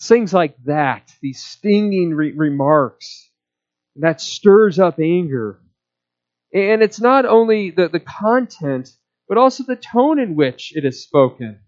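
A male pastor delivers a sermon in a slow, deliberate teaching voice set a little high. The recording sounds somewhat dull and muffled. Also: animated, a little mellow.

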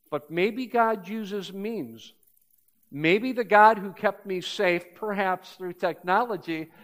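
An older pastor addresses his church in a high, light voice with a bit of brightness. He eases in with ordinary anecdotes and gradually builds to emphatic points.

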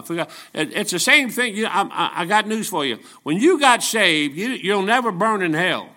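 A man's voice: sits high, sharp tone. A man, a traveling evangelist, preaching a sermon in a church in a folksy, storytelling way, often restarting his sentences.

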